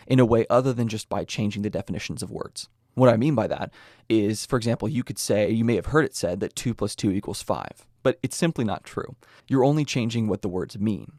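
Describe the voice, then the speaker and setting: A young man from the United States talks through an argument in a steady, earnest way, dropping in casual asides. His voice sits low. The recording is dry and close, with no room sound. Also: dry recording. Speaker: podcast host. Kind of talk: scripted explanatory talk.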